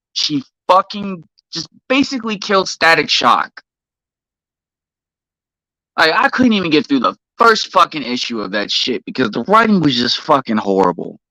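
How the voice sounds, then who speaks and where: A man hosting a live stream, ranting heatedly and profanely while shouting out viewers in the chat. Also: mid-range voice, no room sound, rough recording.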